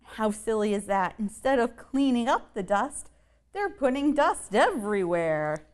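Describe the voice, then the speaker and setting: A woman's voice: fairly high pitch, very animated, measured pace. A woman reading a rhyming picture book aloud to children. She reads in a sing-song way and stops to ask her listeners questions and add playful asides.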